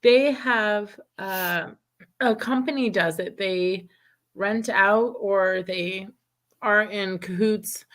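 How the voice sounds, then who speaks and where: A woman in her thirties chats casually at a medium pitch. She tells stories with easy momentum and breaks into laughter often. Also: takes it slowly, a bit bright. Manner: chatty storyteller, laughs often. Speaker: podcast co-host. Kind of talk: casual chat.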